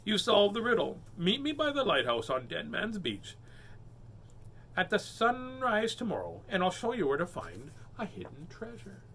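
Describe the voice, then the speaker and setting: A man voicing a calm, matter-of-fact mermaid in a read-aloud storybook. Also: high voice, moderate pace, slight background noise, pitched above the performer's own voice, exaggerated voice.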